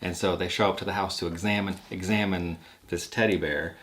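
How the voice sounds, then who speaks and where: A man's voice: low voice, fairly quick. A man, a guest on a casual chat, retelling favorite TV scenes and laughing along. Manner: relaxed storyteller, laughs often. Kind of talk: casual chat about a TV show.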